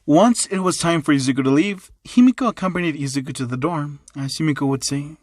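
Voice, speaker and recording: A man's voice: fairly high pitch, quick pace, a little mellow, dry recording, clean studio sound. A man narrating an amateur fan story in a plain, repetitive reading style.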